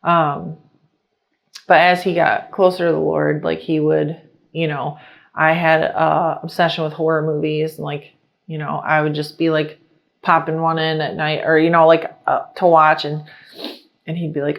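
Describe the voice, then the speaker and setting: A woman's voice: sits low, normal speed, creaky. Chatty woman telling her life story. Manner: chatty, many fillers, animated retelling. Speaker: interviewee. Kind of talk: casual personal testimony.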